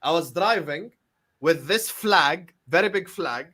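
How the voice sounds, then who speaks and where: A man from Jordan, quite high-voiced and very lively, bantering and laughing on a live stream. He jokes with animated swings of pitch. The sound is dry and close to the mic. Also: unhurried, breathy edge, no room sound. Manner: animated, joking, laughs often. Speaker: co-host of a football fan live stream. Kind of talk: casual banter.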